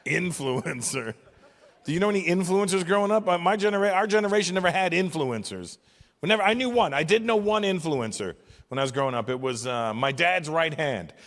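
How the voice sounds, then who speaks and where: A man's voice: sits high, fast, fairly bright tone. A man in his fifties doing a stand-up routine with crowd work, profane and mocking, acting out other people's voices. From Canada. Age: 50s. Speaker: stand-up comedian. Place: live venue with audience. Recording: long hall reverb from stage.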